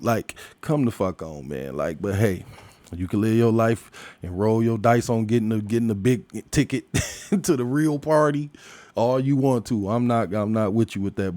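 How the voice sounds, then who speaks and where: A man's voice: on the low side, darkish tone, no room sound. A man hosting his own podcast, ranting alone with heavy profanity, jumping from heated outbursts to laughter. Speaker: podcast host. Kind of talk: ranting solo monologue.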